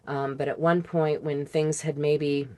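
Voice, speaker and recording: A woman in her forties with a low voice speaks as a podcast guest, recounting her own past in conversation. She is candid and sometimes halting, and she imitates sounds as she remembers them. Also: little pitch movement, dark tone. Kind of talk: personal storytelling in conversation.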